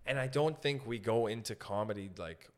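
A man's voice: medium pitch, normal speed, darkish tone. Loose, swearing male podcast host. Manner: loose, swearing, trailing off mid-thought. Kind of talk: casual podcast conversation.

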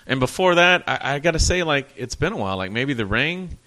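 A man with a bright, forward voice chats as a podcast guest. He rambles in a relaxed way and fills his talk with "like". He sounds easygoing and unhurried. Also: mid-range voice. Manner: laid-back, rambling, says "like" a lot. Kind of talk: casual podcast chat.

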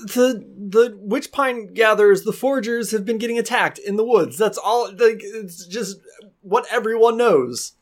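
A woman's voice: on the high side, a little slow, pitched above the performer's own voice. A woman voicing a tearful, panicky young man who stammers and breaks into nervous laughter. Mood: flustered. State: crying.

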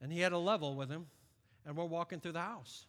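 High-voiced preaching man, echoing hall. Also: fast. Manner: preaching with shouted emphatic peaks. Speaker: pastor. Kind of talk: sermon. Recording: long hall reverb.

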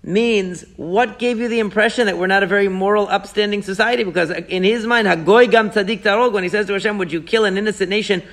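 A man leading a Torah class discussion, explaining the text with animated rhetorical questions and quoting Hebrew verses. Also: sits high, brisk, hardly any pauses. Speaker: Torah teacher.

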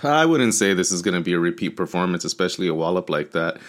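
A man on a casual sports prediction podcast, talking in a halting, hedging way with many restarts. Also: deep voice, lively intonation. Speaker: panelist.

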